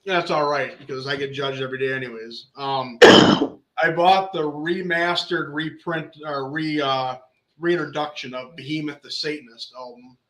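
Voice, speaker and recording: A man's voice: fairly high pitch, fairly even intonation, normal speed, fairly bright tone, roomy sound, rough recording. A man hosting a podcast, telling rambling stories in casual chat and swearing often. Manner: swears a lot, rambling storyteller. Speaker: podcast host.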